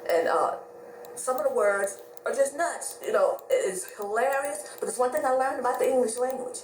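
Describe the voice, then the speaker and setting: A woman telling a story in a casual way, animated and acting out both sides of the conversations. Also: sits high, normal speed, a little hiss or hum. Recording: roomy, distant mic with faint ambience.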